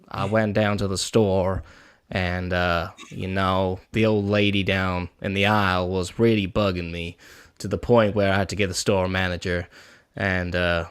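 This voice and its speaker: A man putting on a laid-back Southern American man, with a slow drawl. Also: low voice, smooth, no echo, studio quality, pitched below the performer's own voice.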